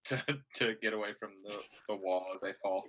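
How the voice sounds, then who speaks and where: A man's voice: fairly low pitch, flat delivery, fairly quick, fairly bright tone. A man playing a tabletop game, talking hesitantly with many fillers. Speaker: player. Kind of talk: casual tabletop role-play.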